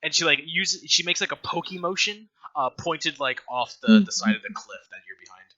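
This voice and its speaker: A man narrating a tabletop game as game master, talking in a halting way with frequent fillers and restarts. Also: a little high, expressive, sharp tone, highs cut off.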